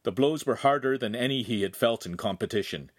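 A man's voice: medium pitch, brisk, no room sound, studio quality. A man reading a young adult novel aloud as the narrator, telling an action scene vividly. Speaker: audiobook narrator. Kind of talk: scripted narration.

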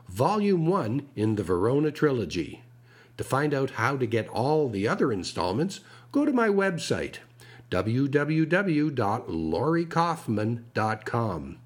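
A man, the author, introducing an installment of his audiobook, speaking deliberately. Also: medium pitch, slightly rough. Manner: slow, spelling things out carefully.

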